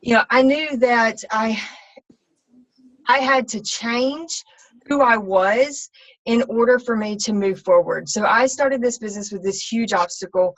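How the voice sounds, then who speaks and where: A woman's voice: fairly high pitch, a little slow. A woman, a fitness coach, telling her personal story in a candid, rambling way full of ums and restarts. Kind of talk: personal testimony talk. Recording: slightly dull, lo-fi sound.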